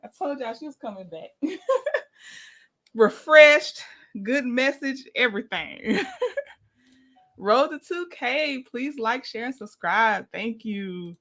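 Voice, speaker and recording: A slightly high-pitched woman hosts a relaxed livestream. She chats easily, breaks into laughter often, and greets her viewers one by one. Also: slow pace, pauses often. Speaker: livestream host. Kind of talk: casual livestream commentary.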